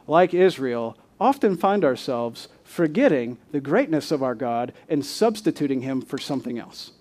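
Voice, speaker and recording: A man's voice: fairly high pitch, darkish tone. A male pastor preaching a sermon, building to emphatic rhetorical questions and reading scripture aloud.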